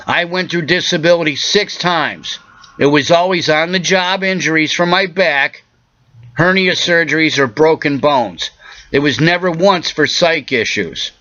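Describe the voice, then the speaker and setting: A man ranting angrily into the camera, profane and insistent, his voice hoarse and catching. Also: on the high side, pushed and bright, muffled recording. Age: 40s. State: hoarse, coughing. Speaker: vlogger. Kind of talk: angry personal rant to camera.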